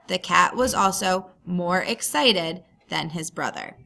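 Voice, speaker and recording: A woman's voice: on the low side, animated, slow, creaky, sharp tone. A woman teacher talking through a recorded grammar lesson, patient and explaining step by step.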